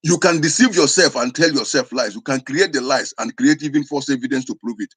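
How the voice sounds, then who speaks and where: A traditional spiritual teacher from southeastern Nigeria preaches passionately to camera with an Igbo accent, scolding and insistent, often restarting his words. His medium-pitched voice is brisk, fairly bright, and slightly rough.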